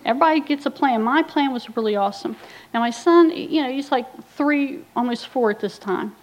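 Middle-aged woman telling her recovery story, blunt and wry, kinda high voice. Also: a little fast, poor audio. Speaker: recovery speaker. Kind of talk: personal testimony talk.

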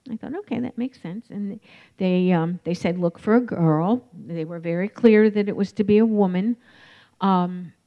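Woman in her forties, candid recovery story, lowish voice, muffled lo-fi recording. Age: 40s. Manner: candid and reflective, many ums. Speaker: recovery meeting speaker. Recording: dull lo-fi recording.

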